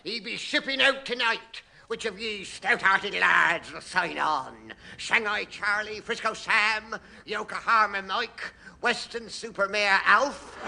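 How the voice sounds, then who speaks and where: Comic radio pirate: growling brogue, gravelly, loud and hammy, drawn out. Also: male voice, high voice, heavily acted. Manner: bellowing, hammy. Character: blustering pirate, gruff adult man. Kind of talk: 1960s radio comedy sketch.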